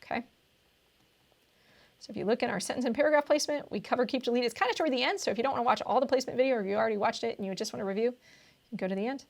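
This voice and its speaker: A woman's voice: on the high side, racing, creaky. A woman tutor walking through test questions on video, thinking aloud and often checking in with "right?".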